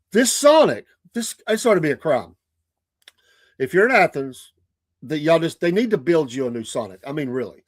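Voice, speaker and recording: Older Southern male host, folksy storyteller: chuckly, rambling, highish and very animated, dry close sound. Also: no echo. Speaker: podcast host. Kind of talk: casual anecdote telling.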